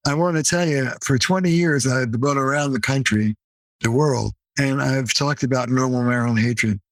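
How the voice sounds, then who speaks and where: A man's voice: mid-range voice, normal speed, dry recording. Emphatic older man, dry sound. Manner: emphatic, punchy, playful asides. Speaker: therapist and author guest. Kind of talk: podcast interview.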